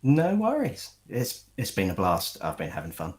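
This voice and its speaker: A man's voice: fairly low pitch, huge pitch swings, moderate pace, a crowd in the background. A man guest musician chatting casually and joking with the host. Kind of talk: casual chat.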